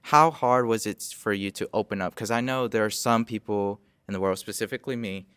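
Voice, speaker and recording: A man's voice: on the low side, brisk, fairly bright tone, clean tone, no room sound. A young man hosting a casual podcast interview, rambling and stopping to correct himself with apologetic asides. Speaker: podcast host.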